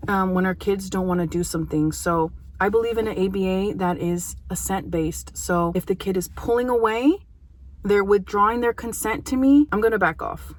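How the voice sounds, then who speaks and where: A woman in her thirties, a behavior analyst, talking casually and earnestly to parents, with emphatic pauses. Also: medium pitch. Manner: earnest, warm-hearted advocacy with emphatic pauses. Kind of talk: casual educational talk to parents.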